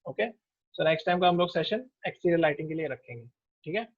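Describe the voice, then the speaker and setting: Indian male instructor, slightly raised pitch, dry and lo-fi sound, runs an online class roll call. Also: expressive, very fast, slightly rough, dry recording. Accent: Indian English. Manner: takes attendance name by name, with fillers. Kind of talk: online class, mixing Hindi and English.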